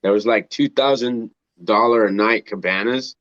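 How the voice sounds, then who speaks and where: A man's voice: fairly low pitch, normal speed, fairly bright tone, no echo, highs cut off. A man guest on a podcast, reminiscing in a laid-back, sweary way with frequent laughs. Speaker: podcast guest, drum tech. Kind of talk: casual chat.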